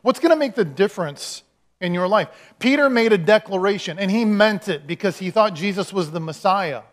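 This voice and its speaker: A pastor with a fairly high voice delivers his sermon as a chatty story. He talks to the congregation directly and acts out the words of the people in it. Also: animated, fairly quick. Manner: conversational storytelling, acting out quotes.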